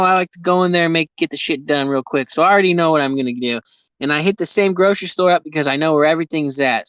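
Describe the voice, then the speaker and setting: A man's voice: high-pitched, a bit bright, clear, resonant tone, no room sound, lo-fi sound. A man vlogging casually from inside his vehicle, rambling and ranting with constant profanity. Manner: profane, heavy swearing, ranting.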